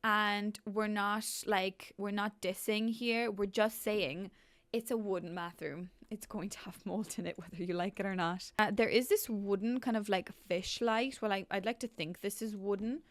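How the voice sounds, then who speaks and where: A young woman giving casual commentary while building in a life-sim game, excitable and self-mocking, laughing often. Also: medium pitch, moderate pace, no room sound.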